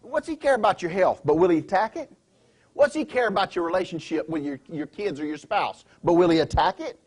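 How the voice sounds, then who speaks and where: A pastor preaching a sermon in a church, emphatic and often asking the congregation questions. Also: male voice, high voice, lively intonation, a little fast, darkish tone, slightly rough. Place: church sanctuary.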